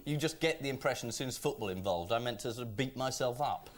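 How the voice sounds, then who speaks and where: A man's voice: mid-range voice, animated, fast. Wry ironic male panelist. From Britain. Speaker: team captain on panel show.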